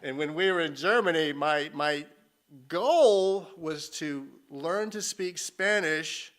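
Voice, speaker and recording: A man's voice: fairly high pitch, slow pace, fairly bright tone. A middle-aged man, a missionary speaking to a church, telling jokes and rambling happily in a conversational way. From northern United States. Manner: joking, rambling, self-deprecating.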